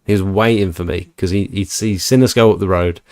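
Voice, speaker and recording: A man's voice: brisk, dry recording, clean studio sound. A man hosting a podcast, telling a story in casual chat and acting out quotes with his voice jumping up. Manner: animated, acts out quotes with rising pitch. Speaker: podcast host.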